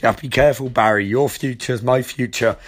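A man's voice: mid-range voice, fast, close to an everyday voice. A man doing a smug, cryptic scientist. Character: secretive male scientist mentor, smug.

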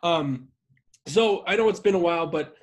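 A man's voice: on the high side, moderate pace. A man co-hosting a podcast in casual chat, swearing freely and rambling in a self-deprecating way. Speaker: podcast co-host.

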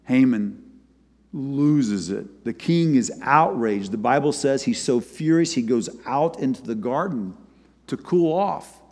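Male pastor preaching, goes loud then soft, long echo from a big church hall. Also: mid-range voice, takes it slowly. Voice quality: retells scripture with quoted voices. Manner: animated, swings from loud to soft. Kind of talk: sermon.

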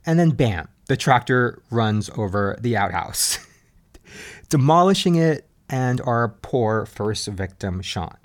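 A man's voice: mid-range voice, lively intonation, slow pace. A man hosting a podcast, recapping a reality show in casual, gossipy chat and laughing often. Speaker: podcast host.

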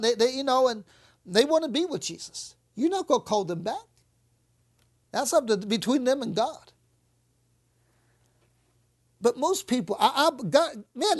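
A woman preaching a sermon, emphatic, repeating phrases and acting out the words she quotes. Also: a little high.

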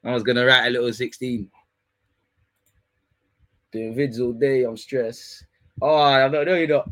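Fast-talking young man streaming. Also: medium pitch, fairly even intonation, a bit bright. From England. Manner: fast slangy chatter, teasing chat, quick asides. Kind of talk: casual live-stream chat reading comments.

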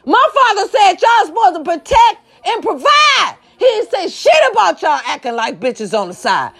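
A woman ranting to camera, blunt and profane, firing rhetorical questions and swinging between shouting and low muttered asides. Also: sing-song, normal speed, creaky. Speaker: social media commentator. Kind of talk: impassioned rant to camera.

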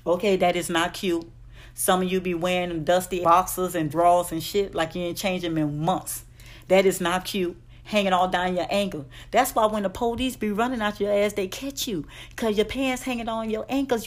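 A woman in a casual vlog, sassy and blunt, handing out profane relationship advice. She scolds her listeners in a familiar way and keeps calling them "honey". Her voice sits at an ordinary middle pitch. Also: moderate pace. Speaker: advice vlogger. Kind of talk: casual advice rant to camera.

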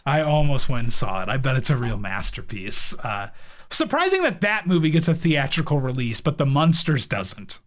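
A man's voice: medium pitch, expressive, normal speed, fairly bright tone. A man co-hosting a podcast, chatting casually about a movie, rambling with lots of "like" and frequent laughter. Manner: rambling, heavy use of "like", laughs often. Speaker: podcast co-host. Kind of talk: casual chat reviewing a movie.

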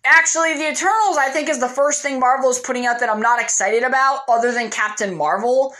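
Woman, casual movie commentary, candid and opinionated, fillers and swearing, slightly high voice. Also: fast, a bit bright.

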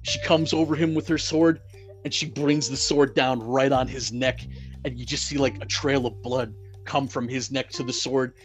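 A man's voice: mid-range voice, normal speed, soft background music. A man casually recapping a movie, rambling with lots of fillers and some swearing, getting worked up over the action. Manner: rambling, heavy "you know" and "like" fillers, profane; grows excited and loud at the climax.

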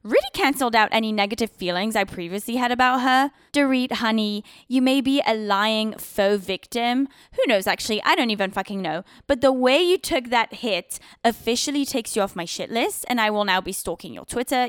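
Sassy, swearing woman with a crisp, dry voice. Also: a little high, no echo. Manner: blunt, sassy, swears freely. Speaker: podcast host. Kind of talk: casual opinionated recap.

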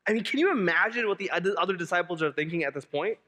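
A male pastor delivering a lively, joking sermon and driving points home by repeating them. His voice is high and bright, with a long reverb tail from a large hall. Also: very fast. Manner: animated, humorous, repeats key phrases.

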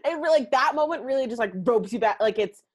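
A woman's voice: a little high, fast, slightly rough. A young adult woman hosting a podcast, chatting casually and expressively about a movie, filling her talk with "like". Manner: chatty, heavy use of "like", expressive. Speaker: podcast host.

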